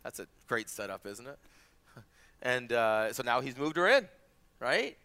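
A man's voice: mid-range voice, big pitch swings, measured pace, sharp tone, smooth. A man in his forties, a pastor, preaching a sermon in a conversational way, with asides and quoted dialogue. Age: 40s.

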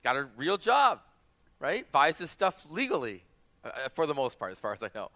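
Pastor guy in his 40s preaching, bright tense voice, chatty, keeps asking "right?". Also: on the high side, wildly swooping pitch, normal speed. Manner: conversational preaching with quoted voices, asides and rhetorical questions. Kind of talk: sermon.

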